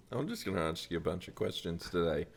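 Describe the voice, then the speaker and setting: A man's voice: low-pitched, normal speed. A man co-hosting a casual podcast, telling stories and acting out the people in them. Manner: animated storyteller, acts out quotes loudly. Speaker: podcast co-host.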